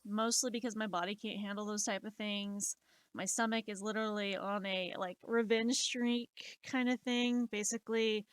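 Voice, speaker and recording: A young woman with a fairly high voice chats casually on a live art stream, wandering from story to story and leaning on "like" and "um". She talks into a desk mic in a home setup, with soft music playing faintly behind her. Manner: rambling storytelling, lots of "like" and "um". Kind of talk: casual chat while drawing on a live stream.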